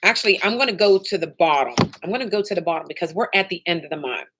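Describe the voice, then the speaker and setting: A woman with a somewhat low voice leads a live online training for sales agents. She is upbeat and motivational, and she talks straight to her trainees. She keeps checking in with quick "okay?" and "right?" prompts. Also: expressive, fairly bright tone, husky.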